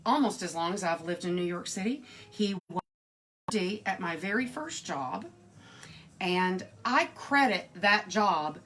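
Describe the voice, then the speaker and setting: A woman's voice: medium pitch, fairly bright tone. A middle-aged woman hosting a live home cooking stream from her kitchen, talking earnestly and chatting with viewers by name. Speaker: cooking show host.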